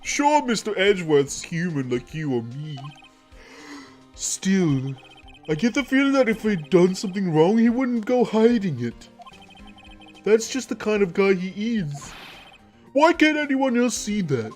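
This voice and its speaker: A man voicing a gruff, loyal male detective in a put-on broad New Zealand accent with rounded, dim-sounding vowels. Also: high-pitched, sing-song, unhurried, a little mellow, soft background music, voice pushed up. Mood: earnest.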